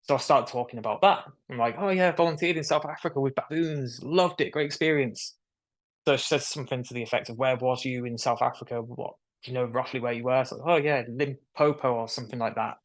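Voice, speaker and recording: A man's voice: mid-range voice, quick pace. A young man, telling the story of his surgery as a guest on a video call, acting out the voices of the people in it. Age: young adult. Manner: animated storyteller who acts out quoted voices. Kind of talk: casual storytelling interview.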